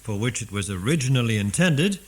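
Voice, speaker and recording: A man with an English accent giving slow, deliberate, scripted instructional narration. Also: medium pitch, expressive, slightly rough.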